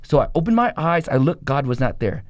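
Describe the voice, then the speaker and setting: A man's voice: mid-range voice, very animated, dry recording. A man, a former gang member, giving a blunt and profane personal testimony in a conversation. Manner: blunt, profane, rapid storytelling.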